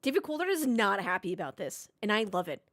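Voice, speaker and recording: A woman's voice: mid-range voice, big pitch swings, fast talker, a bit bright, no echo, studio quality. A woman streaming live, reacting in casual chat with lots of swearing, exasperation and laughter. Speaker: streamer watching a race.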